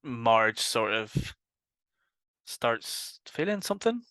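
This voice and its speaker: A man with a Northern Irish accent, co-hosting a casual podcast chat with relaxed, dry remarks. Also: medium pitch, slow, dry recording. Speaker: podcast co-host.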